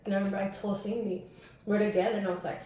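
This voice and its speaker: A woman chats casually as a podcast co-host, telling a personal story and mixing English and Spanish as she goes. Her voice sits at a middle pitch. It is recorded in a very echoey room. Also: little pitch movement, rapid-fire, warm tone, far from the mic. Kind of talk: casual chat.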